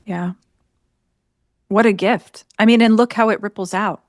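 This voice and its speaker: Slow, contemplative woman podcast host. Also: mid-range voice, fairly even intonation, darkish tone, no echo, studio quality. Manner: slow, contemplative, thinks aloud. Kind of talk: reflective conversation.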